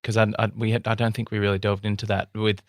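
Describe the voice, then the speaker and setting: A man with a slightly low voice, recorded dry and close. He co-hosts the conversation, asking curious, attentive follow-up questions. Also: flat delivery, fast, dry recording. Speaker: podcast co-host. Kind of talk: interview conversation.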